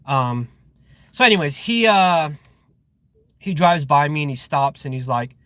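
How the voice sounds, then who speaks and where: A man's voice: fairly high pitch, moderate pace, a bit bright, no echo. A man working as a security guard, chatting casually on a live stream, rambling with fillers and sounding irritated. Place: outdoors at a guarded facility.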